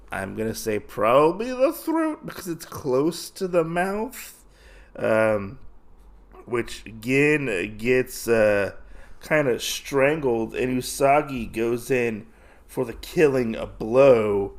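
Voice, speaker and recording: A man hosting a podcast who retells a comic's story in a casual, rambling way, full of fillers. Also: medium pitch. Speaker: podcast host.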